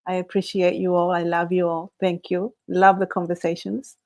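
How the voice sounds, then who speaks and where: A woman's voice: on the low side, level tone, normal speed, a little mellow. A woman hosting a casual live stream, reading chat comments and talking with playful, frequent laughter. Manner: laughs often, playful and chatty. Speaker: channel host reading chat.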